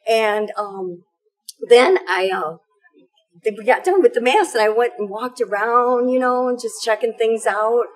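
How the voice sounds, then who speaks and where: Husky middle-aged woman giving fervent testimony. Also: on the high side, measured pace, rough recording. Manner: fervent, tumbling storytelling with many fillers. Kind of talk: emotional personal testimony.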